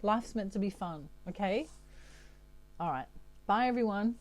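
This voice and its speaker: An Australian woman giving a chatty tarot reading, often pausing on "okay" between messages. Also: mid-range voice, lively intonation. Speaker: tarot reader. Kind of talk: channeled tarot reading monologue.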